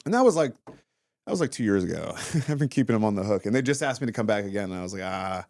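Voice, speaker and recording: A man in his thirties, a former fighter turned comedian, chatting as a guest and telling animated stories full of swearing and acted-out quotes. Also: on the low side, fast talker, dry recording, clean studio sound. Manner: animated storytelling, acts out quotes, swears often. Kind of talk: casual interview chat.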